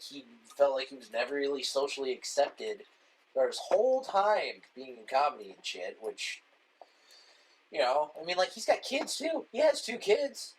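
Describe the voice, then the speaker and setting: Male podcast host, animated and profane, lively pitch. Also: slightly rough, poor audio. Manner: profane, excitable, exclaims often. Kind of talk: casual chat.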